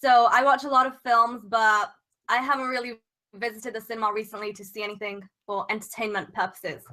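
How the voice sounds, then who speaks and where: A woman's voice: on the high side, level tone, a little fast, sharp tone. Young woman, brief matter-of-fact answers. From England. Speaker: guest. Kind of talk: casual live chat.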